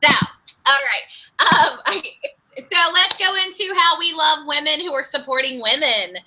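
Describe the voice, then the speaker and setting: A bubbly woman co-hosts a casual podcast chat, her voice high and very bright. She comes from North Carolina and speaks with lively enthusiasm. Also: measured pace, lo-fi sound. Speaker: co-host.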